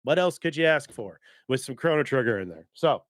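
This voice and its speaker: A man's voice: medium pitch, expressive, a little fast, no room sound, clean studio sound. A man hosting a casual gaming podcast, upbeat and loose, laughing often as he talks. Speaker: podcast host.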